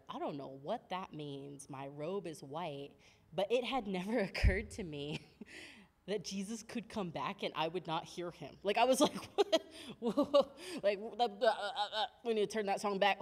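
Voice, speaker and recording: A young adult woman giving a personal testimony at a women's church service, telling stories with animated voices and frequent laughs. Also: on the low side, long reverb tail. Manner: animated storytelling, acts out her own past words, laughs often. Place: church hall.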